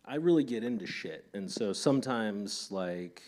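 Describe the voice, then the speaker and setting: A man's voice: on the low side, animated, moderate pace, darkish tone. Loose, joking male interviewer. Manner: loose, laughing, swears casually. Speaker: podcast host. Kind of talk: casual interview chat.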